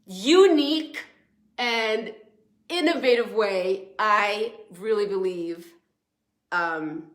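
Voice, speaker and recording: A high-voiced woman with a bright, sharp tone, talking on a casual live stream as a weight-loss coach. She rambles emotionally, sounding teary and a little hoarse from crying, and laughs often. The room around her is echoey. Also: takes it slowly, pauses often. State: teary, sore throat from crying.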